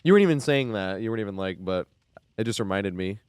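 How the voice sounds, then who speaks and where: A man's voice: fairly low pitch, animated, quick pace, a little mellow, clear, resonant tone, dry recording, studio quality. Chatty man streaming a game, laughing often. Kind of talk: casual live-stream commentary.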